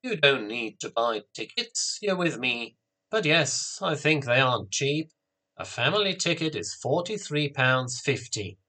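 A man voicing an ancient, kindly wizard who speaks quietly and calmly. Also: mid-range voice, full character voice. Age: older. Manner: quiet, unhurried, reassuring. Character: ancient wise male wizard, calm and kindly.

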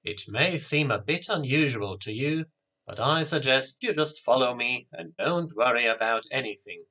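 Man voicing an old wizard, quiet, calm, kindly, bright voice. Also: mid-range voice. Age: older. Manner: quiet, unhurried, reassuring. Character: ancient wise male wizard, calm and kindly.

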